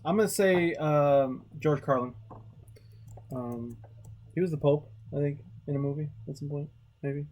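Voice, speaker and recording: An artist chatting casually while drawing, relaxed and rambling, with frequent swearing and trailing restarts. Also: medium pitch, measured pace, pauses often. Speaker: artist hosting a drawing video.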